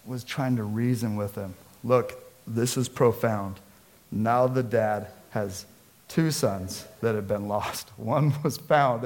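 A man preaching a sermon as pastor, emphatic and conversational, and he mixes in casual slang. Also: mid-range voice.

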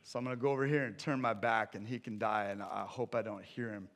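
A man's voice: fairly low pitch, steady tone, fast talker, fairly bright tone. A man voicing Hagar, a despairing mother, in a sermon retelling. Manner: despairing, weary.

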